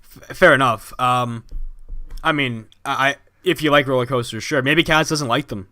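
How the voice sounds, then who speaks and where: Bright, dry-sounding young man joking. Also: mid-range voice, normal speed, no echo. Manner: wry, joking, rambling asides. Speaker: podcast co-host. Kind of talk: casual wrestling chat.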